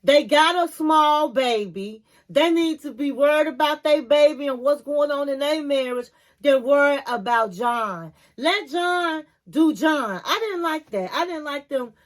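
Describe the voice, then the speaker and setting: A woman's voice: high voice, unhurried, hardly any pauses. A woman hosting a casual TV recap, animatedly retelling scenes and acting out what people said, with opinionated asides. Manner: animated storyteller, acts out quotes, opinionated asides. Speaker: reality TV recap host.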